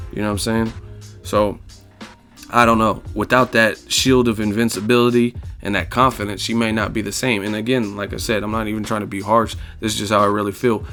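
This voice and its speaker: A man's voice: fairly low pitch, fairly bright tone. A man vlogging his blunt, candid opinions in casual, slang-heavy talk, often adding "you know what I'm saying". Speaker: vlogger answering viewer questions.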